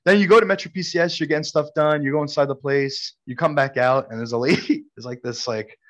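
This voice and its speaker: A man's voice: on the high side, fast talker, fairly bright tone, dull audio. A man from Brooklyn co-hosting a podcast, telling a story between friends and laughing often. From Brooklyn, New York. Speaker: podcast co-host. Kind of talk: casual storytelling chat.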